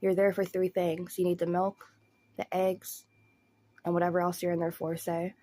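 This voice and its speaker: A woman's voice: on the low side, little pitch movement, normal speed, mellow. A woman chatting casually and laughing often as she comments on a clip. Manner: chatty, giggly, slangy. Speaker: commentary YouTuber.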